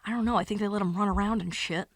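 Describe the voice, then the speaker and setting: Woman comic host, middle pitch, animated and profane storyteller, dry booth sound. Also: very fast, no echo. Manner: animated, profane, spins long anecdotes. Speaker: comedian and podcast host. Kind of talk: casual storytelling chat.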